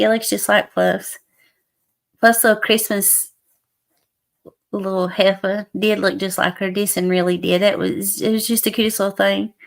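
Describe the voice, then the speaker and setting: A hoarse middle-aged woman, hosting a casual livestream chat with viewers and laughing often. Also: medium pitch. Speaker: livestream host.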